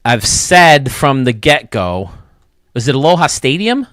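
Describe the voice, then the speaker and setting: Excitable rambling man host. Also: medium pitch, a little slow, dry recording, clean studio sound. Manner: rambling, excitable, many restarts. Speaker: host of a video game stadium show. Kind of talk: casual chat.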